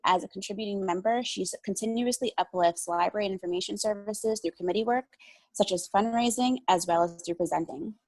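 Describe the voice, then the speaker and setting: Woman, gravelly low voice, dry sound, formal tribute reading. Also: brisk, a little mellow, dry recording, low-quality recording. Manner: earnest, ceremonious delivery. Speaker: panel introducer.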